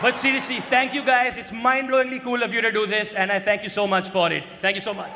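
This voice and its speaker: A young man, performing a stand-up roast set and shouting his punchlines brashly. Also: sits high, little pitch movement, fast talker. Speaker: roast comedian. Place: large indoor stage venue. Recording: live hall with reverb and crowd noise.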